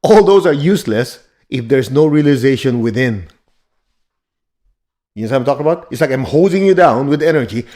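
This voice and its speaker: A man's voice: mid-range voice, fairly quick, long pauses, a little mellow. A man giving a motivational teaching talk as a spiritual teacher, blunt and emphatic, joking and laughing as he drives points home.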